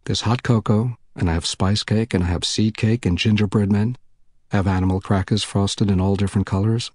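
A man voicing a soft-spoken, coaxing middle-aged stranger in a gentle, friendly manner. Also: fairly low pitch, steady tone, brisk, no room sound, studio quality, natural voice.

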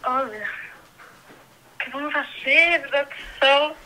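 A woman's voice: high-pitched, steady tone, takes it slowly, pushed and bright, slight background noise. A woman on a casual phone call, mixing English and Spanish as she talks. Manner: code-switching between English and Spanish. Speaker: sister-in-law on the phone. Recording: tinny phone line.

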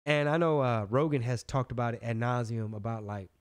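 Slangy, animated man podcasting. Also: medium pitch, brisk, smooth. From Texas. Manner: animated, slangy, restarts sentences often. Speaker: podcast host. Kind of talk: casual political chat.

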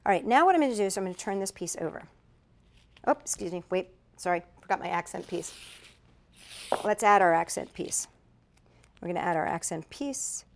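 A woman's voice: medium pitch, lively intonation, fairly quick, pauses often, slight background noise. A middle-aged woman giving a chatty step-by-step craft tutorial, correcting herself as she demonstrates. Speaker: craft instructor.

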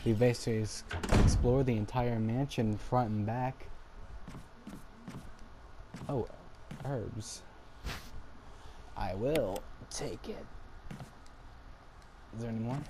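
This gameplay commentator is a young man with a mid-range voice who keeps a measured pace and pauses often. Recording casually at home late at night, he gets exasperated, swears and laughs at his mistakes. Steady background noise is audible.

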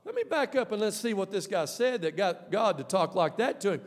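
A man preaching a sermon as pastor, emphatic, swinging between soft and loud delivery. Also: high-pitched, expressive, fairly quick, few pauses. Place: church sanctuary. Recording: long hall reverb.

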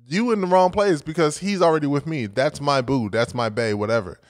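A man's voice: fairly high pitch, a little fast, no room sound, lightly acted. A man putting on a sassy, lovestruck woman who has made up her mind that her crush is hers. The delivery is bold and possessive, and the sound is dry and close. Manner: sassy, confident.

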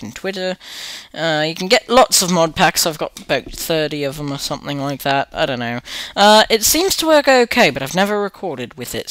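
A man's voice: a little high, a bit bright, smooth, no echo. A man hosting casual gameplay commentary, rambling with lots of fillers while putting on an accent. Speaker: gaming channel host.

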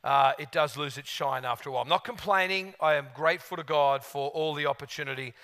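A gregarious man preaching from the pulpit, telling his stories with lively animation. His voice sits high for a man and rings bright and forceful. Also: fast talker. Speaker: guest preacher. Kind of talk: sermon with storytelling.

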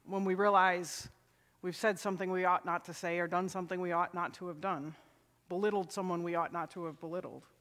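High, bright-voiced preacher in a reverberant church. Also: male voice, fairly even intonation, fairly quick. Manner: conversational, asks the congregation rhetorical questions. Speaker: pastor. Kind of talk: sermon. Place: church sanctuary.

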